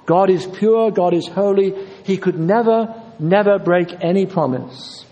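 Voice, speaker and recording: Unhurried and earnest, a man from Yorkshire, England preaches a sermon in a high, mellow, warm voice, insisting on his points by repeating them. Each word is followed by a long reverb, as in a spacious church hall.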